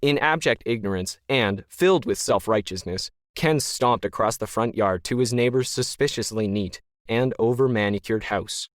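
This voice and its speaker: A man narrating a science-fiction story in a wry, deadpan manner. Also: on the low side, moderate pace, few pauses, no room sound, studio quality. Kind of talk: scripted narration.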